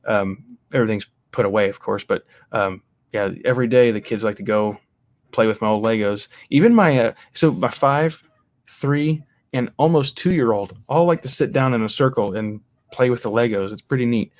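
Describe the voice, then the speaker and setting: A man's voice: medium pitch, moderate pace, no echo. A man in his thirties hosting a livestream, chatting casually about toys as he reads out viewer comments, rambling with many fillers and restarts. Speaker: livestream host.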